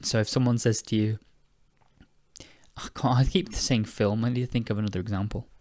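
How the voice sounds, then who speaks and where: A man's voice: lowish voice, steady tone, brisk, a little mellow, dry recording. Chatty British man teaching English. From United Kingdom. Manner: chatty, self-correcting, laughs at himself. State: tired. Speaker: podcast host and English teacher. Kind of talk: casual podcast lesson.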